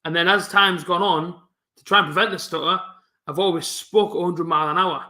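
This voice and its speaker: Young male streamer, rapid mumbled delivery with a stutter, casual chat; roomy echo. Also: sits high, steady tone, sharp tone. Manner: fast-talking, mumbling, with a stutter. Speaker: football fan streamer hosting a live match watch-along.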